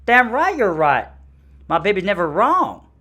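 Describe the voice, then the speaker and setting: A man voicing a brash, boastful young redneck who hollers loudly in excitement. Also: sits high, a little slow, voice pushed up, heavily acted. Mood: hollering, proud.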